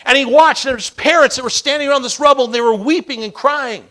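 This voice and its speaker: Male keynote speaker, high register, sharp tone; dramatic storyteller who repeats lines for effect. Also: fast. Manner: dramatic storytelling with emphatic repetition; swings between loud emphasis and hushed low lines. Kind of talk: motivational keynote speech.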